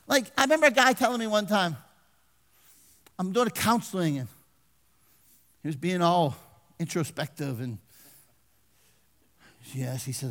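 An older man preaching a folksy sermon as pastor, swinging from loud exhortation to hushed asides and calling for amens. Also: a little high, lively intonation, moderate pace, long pauses. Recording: long reverb of a large hall.

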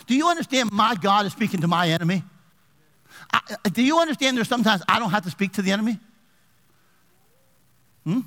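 A male pastor with an extremely high-pitched voice preaches a little fast in a large hall of a church sanctuary. Animated, he reads scripture and puts call-and-response questions to the congregation.

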